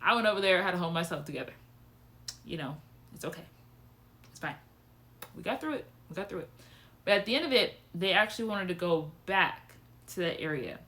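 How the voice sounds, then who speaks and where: Bright-voiced young woman vlogging candidly. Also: brisk, long pauses. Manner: animated and candid, with frequent swearing and lively pitch swings. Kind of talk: casual personal storytelling to camera.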